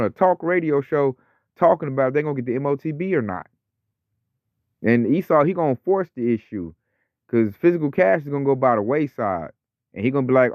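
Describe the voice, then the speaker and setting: A man's voice: mid-range voice, expressive, fairly quick, no echo. A man giving an informal scripture lesson in a mid-range voice, talking slangy and loose and mimicking other people's voices as he goes. The recording is dry and a bit muffled, with no room sound. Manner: conversational, slangy, acts out quoted voices. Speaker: religious teacher.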